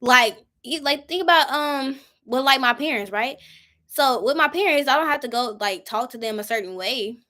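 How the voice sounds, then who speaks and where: A woman's voice: high-pitched, lively intonation, normal speed, pushed and bright. A woman in her twenties leading a Bible study in a casual, informal way, acting out her own prayers as she talks. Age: 20s.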